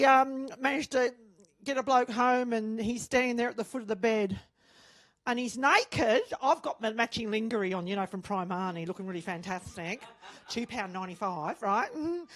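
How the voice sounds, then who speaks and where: A woman with an Australian accent doing a bawdy stand-up comedy routine, loud and brash on her punchlines. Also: high voice. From born in England, raised in Australia.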